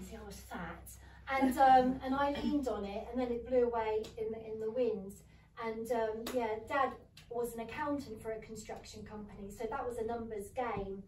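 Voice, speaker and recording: A woman's voice: on the high side, fairly even intonation, normal speed, darkish tone, a little hiss or hum. A woman in her thirties doing a stand-up comedy set without a microphone, chatty and giggling at her own jokes. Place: comedy venue room with audience. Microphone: no microphone, recorded from a distance. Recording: echoey room, voice from far off.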